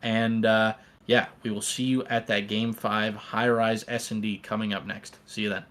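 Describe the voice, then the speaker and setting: A man calling an esports match play by play, with rapid, excitable calls that rise to shouts at big plays. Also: on the low side. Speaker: esports caster. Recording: game gunfire audible behind the voice.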